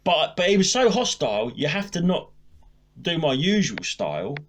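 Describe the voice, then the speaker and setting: A man co-hosting a comedy podcast, telling a swearing, animated story about a gig and acting out the dialogue. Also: fairly high pitch, moderate pace, slight background noise. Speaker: podcast co-host, stand-up comedian. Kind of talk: casual podcast chat, storytelling.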